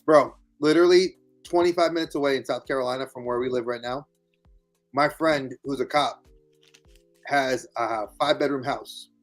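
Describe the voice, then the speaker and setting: A man from New York hosting a casual live chat, animated and quick, often repeating words as he jumps in. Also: medium pitch, faint music behind. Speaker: livestream host.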